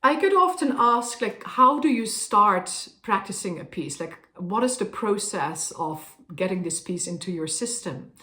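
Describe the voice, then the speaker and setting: A woman's voice: medium pitch, fairly bright tone. A woman opera singer thoughtfully explaining how she prepares a role, with frequent fillers. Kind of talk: explaining her craft to camera. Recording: roomy echo.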